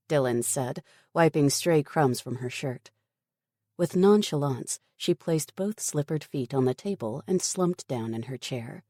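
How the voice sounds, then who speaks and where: Low, dark-voiced woman narrating an audiobook. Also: unhurried, no room sound, studio quality. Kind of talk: scripted narration.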